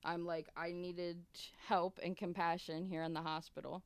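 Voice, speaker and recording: A woman's voice: lowish voice, little pitch movement, moderate pace, smooth, no room sound. A young adult woman streamer telling a long personal story in casual, profane, rambling chat with many restarts.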